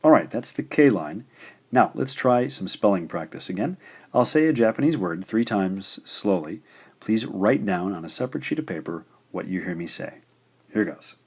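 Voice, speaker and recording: A man teaching beginner Japanese writing, explaining stroke order patiently and sounding out syllables slowly and deliberately. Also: lowish voice, lively intonation, darkish tone, breathy edge. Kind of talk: instructional explanation.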